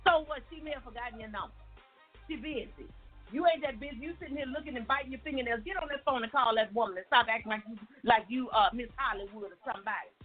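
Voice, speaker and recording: A woman life coach telling an animated faith testimony in a folksy, preachy way, repeating words for emphasis. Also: a little high, quick pace. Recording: tinny phone-like sound, faint music.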